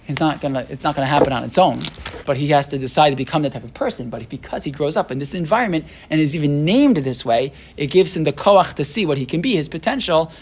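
A man's voice: on the high side, lively intonation, fast talker, a little hiss or hum. An American man teaching a Torah class to a small group, asking rhetorical questions, often checking in with "right?", and thinking aloud with restarts.

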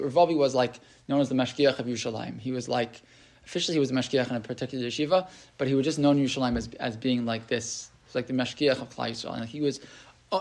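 A man teaching a Torah class, talking casually with many restarts and translating Hebrew texts as he goes. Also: medium pitch. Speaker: yeshiva teacher. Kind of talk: Torah class with source sheet.

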